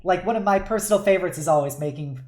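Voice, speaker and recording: A woman's voice: on the low side, fast talker, darkish tone, reverberant, faint music behind. A woman hosting a casual roundtable as game master, chatty and laughing often.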